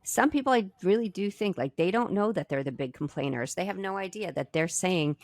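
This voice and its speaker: A woman's voice: mid-range voice, animated, a little fast, dry recording, clean studio sound. A middle-aged woman cohosting a podcast, talking reflectively in casual chat. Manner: reflective, thinks aloud with restarts.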